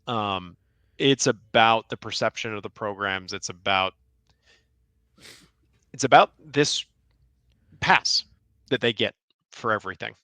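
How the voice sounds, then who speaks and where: A man's voice: fairly low pitch, measured pace, pauses often, pushed and bright, clean tone, no room sound. A man co-hosting a sports podcast, reading listener questions with a wry, joking manner. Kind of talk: casual sports podcast chat.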